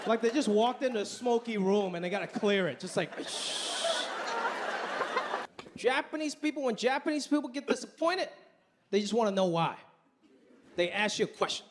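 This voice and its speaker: High-voiced stand-up comedian man. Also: brisk, background noise. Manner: animated storytelling, punchy delivery. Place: comedy club stage. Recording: live club set with laughing audience.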